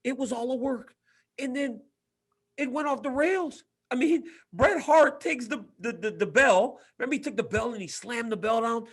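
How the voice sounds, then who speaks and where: Animated high-voiced man telling stories. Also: normal speed, breathy edge. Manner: animated storyteller, acts out quotes, repeats words. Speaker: co-host, former fighter. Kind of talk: casual chat.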